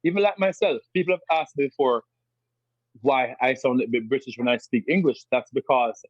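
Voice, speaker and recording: Podcast guest, a man with a strong Jamaican accent: emphatic and husky, in a dry, dull-sounding recording. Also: mid-range voice, normal speed, no echo. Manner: emphatic, animated explaining with repetitions. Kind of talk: podcast interview.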